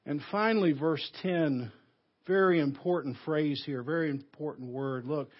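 Husky preacher with a muffled sound. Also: male voice, on the high side. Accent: Southern US. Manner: emphatic preaching, swinging between loud stresses and hushed, slow phrases. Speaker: pastor. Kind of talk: sermon. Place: church sanctuary.

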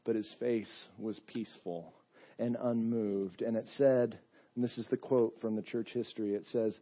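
Husky male pastor preaching conversationally. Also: fairly low pitch, fairly even intonation, normal speed, dull audio. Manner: conversational storytelling with fillers. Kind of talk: sermon. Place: church.

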